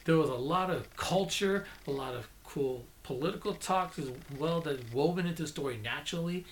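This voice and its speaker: A man's voice: fairly high pitch, moderate pace, slight background noise. A man giving a casual, chatty spoken movie review, often correcting himself mid-sentence, with an accent of his own. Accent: non-native English, own accent. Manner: chatty, self-correcting, enthusiastic.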